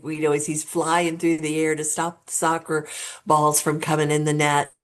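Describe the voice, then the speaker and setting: A middle-aged woman from Virginia speaks in a low voice as a guest on an interview show. She tells her story earnestly and with passion, with frequent ums and uhs. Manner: earnest, impassioned, many fillers. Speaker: guest, bereaved mother and safe-driving advocate.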